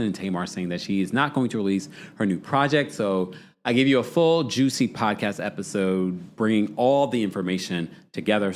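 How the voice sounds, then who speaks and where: A man hosting a casual livestream, chatting and reading viewer comments, with a dry mouth. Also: a little hiss or hum. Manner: chatty, animated, jumps into high voices when quoting. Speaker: host.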